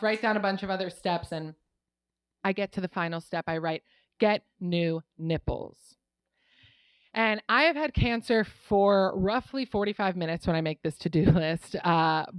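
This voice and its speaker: A woman's voice: medium pitch, a bit bright, no room sound. Wry woman telling a live story. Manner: wry, conversational, laughs through lines.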